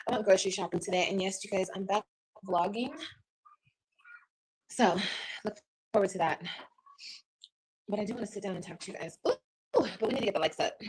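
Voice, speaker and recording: A woman's voice: medium pitch, a little fast, pauses often, slightly rough, rough recording. A woman vlogging casually from home, chatting to viewers and answering comments. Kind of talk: casual chat.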